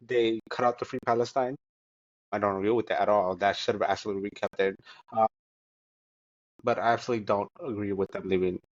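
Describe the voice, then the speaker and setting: Dude cohost rambling with lots of likes and um's, dull dry recording. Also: male voice, on the low side, dry recording. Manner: rambling, many fillers, giggly. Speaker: podcast co-host. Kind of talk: casual chat.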